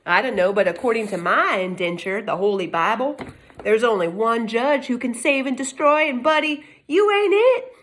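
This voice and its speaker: A middle-aged woman speaks to camera in a put-on Texas drawl, folksy and emphatic. She lectures with rhetorical questions in a fairly high voice. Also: moderate pace, fairly bright tone. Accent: Texas Southern US, put on. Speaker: self-made legal commentator. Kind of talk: casual monologue to camera. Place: home in California.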